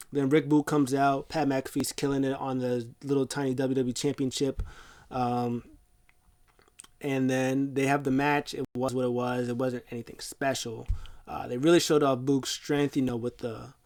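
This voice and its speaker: A man's voice: medium pitch, little pitch movement, moderate pace, darkish tone. A man hosting a casual wrestling recap, retelling events in a rambling, chatty way. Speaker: host.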